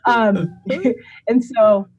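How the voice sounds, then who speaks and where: A woman in her forties from Brooklyn, New York City, telling a story as an interview guest in a chatty, animated way, acting out remembered dialogue and laughing often. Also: fairly high pitch, very slow, lo-fi sound, slight background noise. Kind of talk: casual conversational storytelling.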